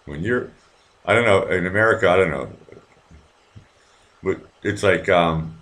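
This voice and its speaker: A man's voice: low voice, unhurried, fairly bright tone. A man from Boston hosting a live call-in show from his apartment at night, rambling and swearing with lots of restarts. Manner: rambling, profane, many restarts. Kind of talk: casual live-stream talk with callers.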